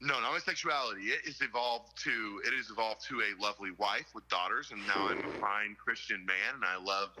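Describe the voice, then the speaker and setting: A man in his thirties hosting a podcast in casual chat, loud and laughing, with lots of swearing. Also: lowish voice, fairly quick, few pauses, noisy background. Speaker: podcast host.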